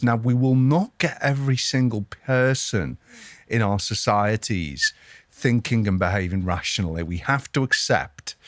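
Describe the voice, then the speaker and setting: A man's voice: lowish voice, no echo. Man hosting a podcast, dry sound. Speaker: podcast host. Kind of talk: casual podcast conversation.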